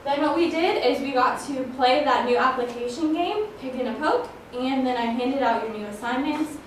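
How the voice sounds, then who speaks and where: A woman's voice: sits high, lively intonation, moderate pace. A woman teacher leading a phonics lesson, praising her pupils and stretching words out to count their syllables. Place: classroom. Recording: echoey classroom, voice from a distance, faint noise.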